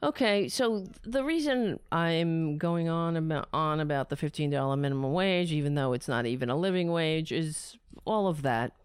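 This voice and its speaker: A woman ranting angrily about politics, profane and sarcastic, who drops into a soft baby voice for her cat. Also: sits low, normal speed, hardly any pauses, smooth, no room sound, clean studio sound. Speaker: political commentator.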